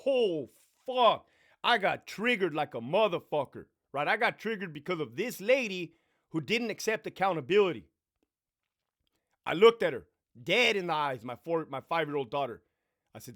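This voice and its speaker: Man, casual storytime rant, swearing, lively pitch, slightly high voice. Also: moderate pace. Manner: profane, animated, swings between loud bursts and low mutters. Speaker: vlogger telling a story.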